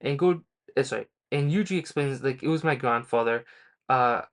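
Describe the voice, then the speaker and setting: Man, casual manga recap, mid pitch, rambling, lots of ums, corrects himself often. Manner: rambling, many fillers and self-corrections. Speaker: manga review channel host. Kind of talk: casual spoken chapter recap.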